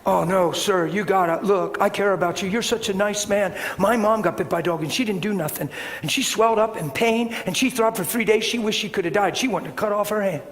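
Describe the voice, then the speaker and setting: A man's voice: sits high, fairly quick, hardly any pauses, big-room sound. A man voicing a worried young woman who pleads insistently. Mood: pleading.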